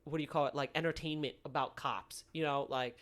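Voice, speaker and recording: A man's voice: a little high, steady tone, a little fast, fairly bright tone. A young man co-hosting a podcast, talking casually and rambling, with many fillers as he searches for words. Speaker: podcast co-host. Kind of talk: casual chat.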